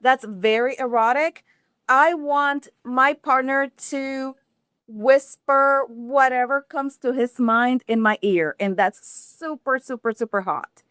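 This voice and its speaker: High, smooth-voiced woman speaking frankly. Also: slow pace, fairly bright tone, no room sound, studio quality. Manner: frank, direct, enthusiastic. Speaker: co-host, sex expert. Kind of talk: advice talk.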